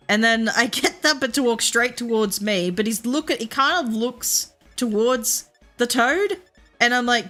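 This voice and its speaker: An Australian streamer talks casually as she games, cursing freely and laughing along with her own tales. Her mid-range voice has a bright, clear edge and a moderate pace, over faint, gentle game music.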